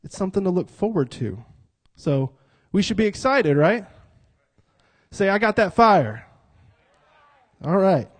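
This sermon comes from a man with a fairly high pitch and a darkish tone. Self-described as a cut-up, he jokes his way through an interactive message, calling for the congregation to repeat lines to him.

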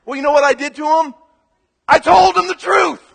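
A man preaching as pastor in a sermon, animated, swinging from quiet asides to loud emphatic bursts. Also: very high-pitched, normal speed, creaky, long reverb tail.

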